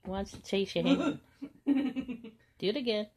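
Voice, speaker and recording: A woman's voice: fairly high pitch, a little slow, darkish tone, slightly rough. A woman filming her cats at home, talking to them in a doting, cooing voice. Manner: doting, cooing baby talk to pets. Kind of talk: casual home video. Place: home, indoors.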